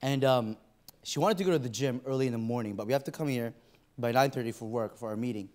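A man's voice: mid-range voice, quick pace, a little mellow. A man preaching a sermon in a church, telling a personal story and acting out his own inner voice. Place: church auditorium.

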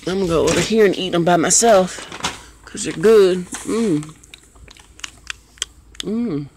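A woman's voice: on the low side, unhurried, noisy background. A woman, playfully scolding and teasing her chickens in casual talk outdoors. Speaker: vlogger.

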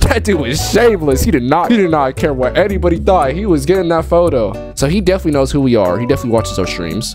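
A man's voice: fairly high pitch, fast, few pauses. Jumpy, slangy man streaming a horror game. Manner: jumpy, excitable, yelps when startled; casual slang, calls the game bro and dog. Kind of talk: live gameplay commentary. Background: game music.

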